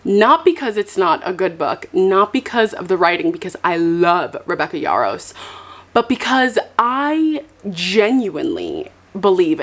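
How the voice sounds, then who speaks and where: A young woman chatting to camera about books she loved, gushing and dramatic, with lots of fillers. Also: on the low side. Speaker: book reviewer. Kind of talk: casual chat to camera.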